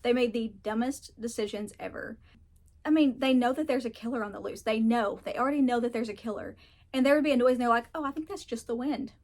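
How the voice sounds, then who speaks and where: Talking fast in a fairly high voice, a woman reviews books in an easygoing chat. She rants frankly, laughing a lot and cursing occasionally, and lampoons characters by putting on voices with plenty of animation.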